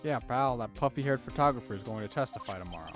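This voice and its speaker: A man's voice: mid-range voice, expressive, fast talker, natural voice. A man doing a folksy police detective, says pal. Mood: blunt. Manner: folksy, calls everyone pal. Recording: game music behind.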